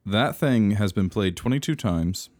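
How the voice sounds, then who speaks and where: Low-voiced podcast co-host man. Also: lively intonation, a little slow, darkish tone, dry recording, clean studio sound. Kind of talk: casual chat.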